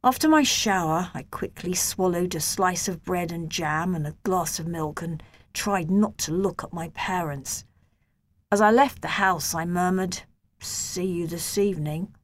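A woman reading a children's novel aloud in a gentle, measured first-person storytelling voice. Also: lowish voice. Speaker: audiobook narrator.

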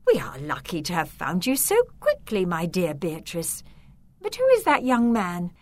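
Woman playing a gentle, decisive noble aunt. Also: on the low side, wildly swooping pitch, moderate pace, no echo. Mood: gentle firm. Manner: gentle but firm.

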